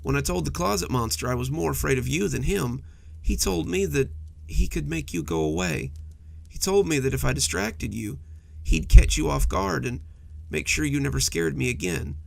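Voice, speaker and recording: A man voicing a timid, frightened monster hiding under a bed, gravelly and pleading in a horror story. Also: on the high side, lively intonation, moderate pace, full character voice. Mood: apologetic. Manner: blustering, whimpering, pleading.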